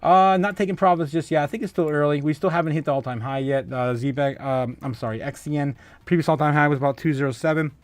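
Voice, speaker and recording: A man with a somewhat high voice hosts a casual livestream and reads out viewer comments. He laughs a lot and stumbles through restarts and filler sounds. The recording is dry and close, with no room sound. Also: steady tone, quick pace, dry recording. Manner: chatty, laughs often, many filler "uh"s and restarts. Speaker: host of a crypto livestream.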